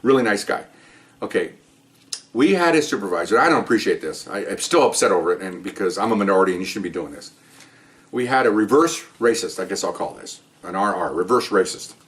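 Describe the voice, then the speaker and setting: A middle-aged man, a former police officer, telling his own stories in an animated monologue with sarcastic asides. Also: deep voice, a little fast. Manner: animated, sarcastic asides, mimics people he quotes. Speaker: retired police officer, podcast host. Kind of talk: storytelling monologue.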